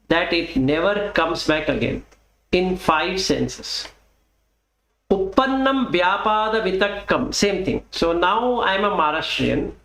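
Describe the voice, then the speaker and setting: Indian guy giving a dhamma talk, highish voice, keeps asking the listener questions, roomy echo. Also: a bit bright. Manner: explanatory, repetitive, questions the listener. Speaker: Buddhist teacher.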